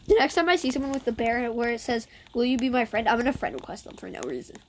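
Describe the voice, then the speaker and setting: High-voiced woman muttering sarcastic game commentary. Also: very animated, quick pace, a little hiss or hum. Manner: chatty, sarcastic, muttered asides. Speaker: gameplay streamer. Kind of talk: casual gameplay commentary.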